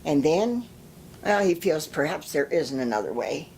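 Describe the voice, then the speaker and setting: A woman reading a children's story aloud, explaining things gently with small restarts. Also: low-pitched, sing-song, unhurried, a little hiss or hum. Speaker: storybook reader.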